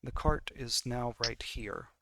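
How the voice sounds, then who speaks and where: A man's voice: medium pitch, slow pace, vocal fry, a bit bright. A man narrating a tabletop game as game master, casual and full of fillers. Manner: casual, many fillers while reading rules.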